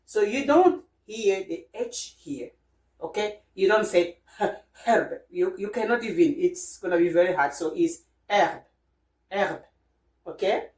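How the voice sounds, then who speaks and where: A woman's voice: medium pitch, expressive, a little slow, a little mellow. A woman teaching sounds, patient and repeating each one, often asking "okay?". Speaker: French teacher. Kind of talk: casual spoken lesson. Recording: roomy, voice from a distance.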